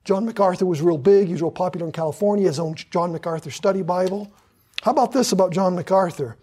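A man's voice: high-pitched, quick pace, a little mellow, husky. A man preaching a sermon with fervor, hammering points through repetition and drawing out scripture for emphasis.

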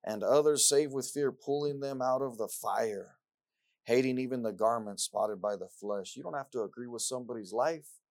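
A man preaching to his congregation in an earnest, heartfelt way. His voice sits at an ordinary middle pitch and he leans on repeated scripture phrases. He swings between soft reflection and loud, excited stretches. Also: normal speed. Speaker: pastor. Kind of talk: sermon.

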